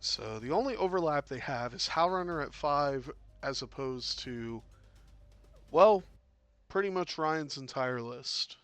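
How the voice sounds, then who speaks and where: A tired man commentating a tabletop game on his stream, talking in a relaxed, rambling way with frequent fillers. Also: a little high, measured pace, no echo, faint music behind.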